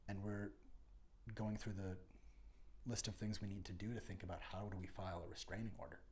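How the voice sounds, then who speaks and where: A man delivering an impassioned spoken-word meditation, dropping to whispers and rising to shouts. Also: fairly low pitch, flat delivery, brisk. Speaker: monologue speaker.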